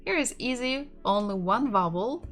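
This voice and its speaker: Teaching an online English-language lesson, a woman with a Russian accent explains things patiently and laughs softly from time to time. Her voice is fairly high and animated, at a normal speed, with soft lo-fi music behind her.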